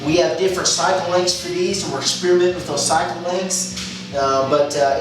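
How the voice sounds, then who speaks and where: A man coaching, explaining a training method in a methodical way, repeating key phrases and correcting himself as he goes. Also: on the high side. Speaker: fitness coach. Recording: echoey room, mic at a distance, music behind.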